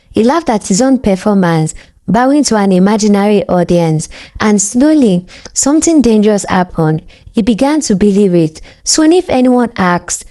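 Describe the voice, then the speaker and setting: Brief: woman storyteller, scripted narration, warm mellow tone, middle pitch. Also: lively intonation, moderate pace.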